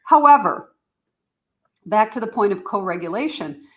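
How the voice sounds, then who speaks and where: A middle-aged woman talking in a podcast interview as a guest expert, animated and acting out little dialogues. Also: mid-range voice, normal speed. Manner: animated, acts out parent and teen dialogue.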